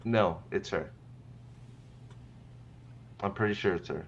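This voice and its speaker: A man hosting a casual reaction chat, talking in a profane, sarcastic and excitable way. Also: low voice, takes it slowly, creaky, dull audio. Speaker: show host.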